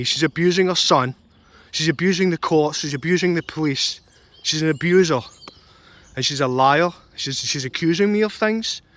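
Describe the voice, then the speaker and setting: A man's voice: mid-range voice, a bit bright. A young man ranting angrily and repetitively about a custody dispute, swearing often. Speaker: vlogger. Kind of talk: angry personal rant.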